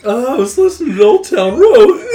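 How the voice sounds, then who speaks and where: A man slipping quiet wisecracks and laughs into a podcast chat. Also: very high voice, very noisy. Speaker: podcast co-host. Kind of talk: casual banter.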